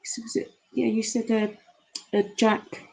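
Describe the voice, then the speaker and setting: A woman's voice: fairly high pitch, level tone, slow pace, creaky, a little mellow, husky, low-quality recording. A woman hosting a live stream, chatting casually and affectionately to viewers as she reads their messages, rambling with fillers. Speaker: livestream host reading chat.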